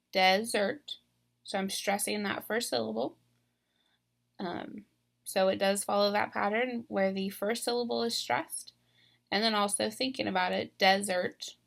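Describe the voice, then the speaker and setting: A woman teaches a lesson on video, patiently guiding listeners through each step and pausing to think aloud. Her voice sits at a middle pitch with a gravelly fry running through it. The delivery is plain and instructional.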